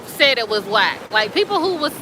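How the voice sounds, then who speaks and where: A woman hosting a casual live stream outdoors by the sea at night, chatting and reading comments in an excitable, slangy way. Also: fairly high pitch, moderate pace. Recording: outdoor phone audio with surf and wind noise. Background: waves and wind.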